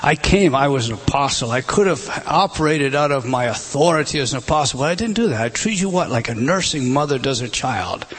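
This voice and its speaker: A man's voice: medium pitch, lively intonation, brisk, few pauses, fairly bright tone, slightly rough. A middle-aged man preaching a sermon, emphatic, with rhetorical questions. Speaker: pastor.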